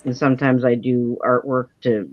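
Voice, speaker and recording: A woman's voice: very deep voice, fairly even intonation, normal speed. Folksy chatty woman on a lo-fi stream. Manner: chatty, folksy, self-deprecating. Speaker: artist and livestream guest. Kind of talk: casual livestream chat. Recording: dry, dull lo-fi stream audio.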